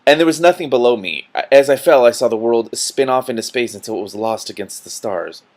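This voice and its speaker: A man's voice: medium pitch, a little fast, darkish tone, natural voice. A man reading as Tethys, a mournful water troll. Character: gentle melancholy male water troll, courteous.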